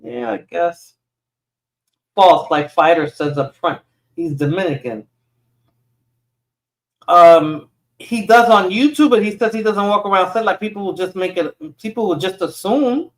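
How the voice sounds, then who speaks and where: A man's voice: high-pitched, normal speed, gravelly. A man hosting a live stream, answering chat in casual, conversational talk and often repeating words as he thinks. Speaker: livestream host reading chat. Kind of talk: casual livestream commentary.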